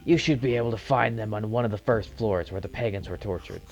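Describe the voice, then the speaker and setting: A man's voice: fairly low pitch, fast talker, a little mellow, lightly acted. A contemptuous game snake bent on revenge, read by a man in a near-natural voice. He is blunt and dismissive, with a scheming edge throughout. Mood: scornful.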